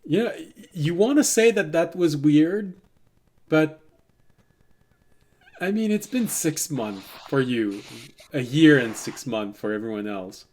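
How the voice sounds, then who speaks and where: A man narrating a tabletop role-playing game as game master, telling the scene with animated storytelling. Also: fairly high pitch, takes it slowly, long pauses, a little hiss or hum.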